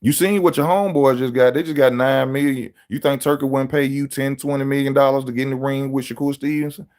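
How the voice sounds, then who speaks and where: A man hosting a live boxing channel stream, talking straight to his viewers in loud street-style banter, mocking and teasing. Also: mid-range voice, fairly even intonation, fast.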